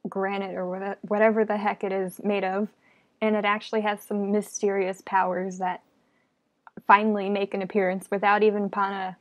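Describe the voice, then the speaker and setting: A woman co-hosting a podcast in casual chat, enthusiastic, with dry humor. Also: medium pitch.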